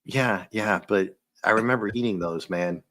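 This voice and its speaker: A man hosting a casual comic book review, joking and animated, often breaking into silly voices. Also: on the low side, normal speed. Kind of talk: casual chat.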